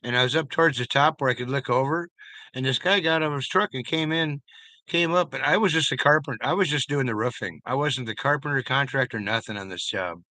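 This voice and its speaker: A man's voice: mid-range voice, brisk, bright, forceful tone, no room sound. A man chatting casually with his viewers, telling loose, profane stories and chuckling along as he rambles.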